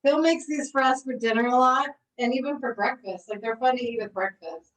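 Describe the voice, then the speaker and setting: Woman, cooking class instructor, bubbly, encouraging, laughs a lot, slightly high voice, mic at a distance. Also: a little fast. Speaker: recreation therapy cooking instructor. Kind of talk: live online cooking class.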